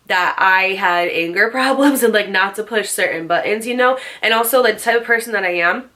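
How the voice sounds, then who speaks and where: A woman's voice: mid-range voice, pushed and bright. A young woman telling a storytime vlog in a chatty, sarcastic way, full of fillers. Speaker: storytime vlogger. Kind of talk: casual storytelling.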